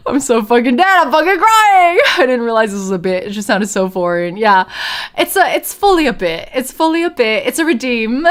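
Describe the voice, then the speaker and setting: A woman's voice: on the high side, fairly bright tone. A woman streamer chatting casually on a livestream, giggly and answering chat as she talks. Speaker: game streamer.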